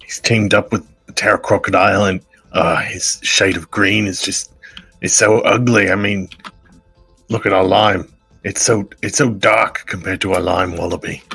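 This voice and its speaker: A man's voice: low voice, fairly even intonation, moderate pace, gravelly, bright, forceful tone, breathy edge, dry recording, faint music behind, heavily acted. A man voicing a brash, petty male wallaby superhero, during tabletop role-play. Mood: indignant. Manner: indignant and boastful.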